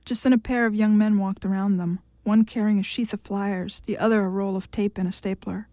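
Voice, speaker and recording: A woman narrating a novel aloud in an even, measured reading. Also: medium pitch, no echo.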